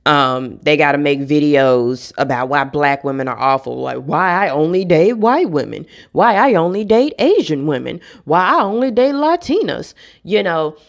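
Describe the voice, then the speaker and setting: A young woman, speaking bluntly and with frustration in a candid vlog rant, swearing freely. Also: low voice. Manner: blunt, frustrated, profane, laughs between points. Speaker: vlogger.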